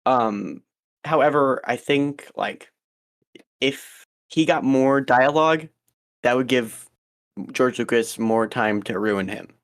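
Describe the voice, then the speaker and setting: A young man co-hosting a podcast in loose, casual chat. He rambles through his ideas with plenty of ums and restarts. His voice sits in an ordinary middle pitch. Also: slow pace, long pauses. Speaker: podcast co-host.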